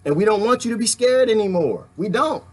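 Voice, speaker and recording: A man hosting a casual livestream, reading viewer comments and preaching in an animated way, often laughing and slipping into funny voices. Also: sits high, brisk.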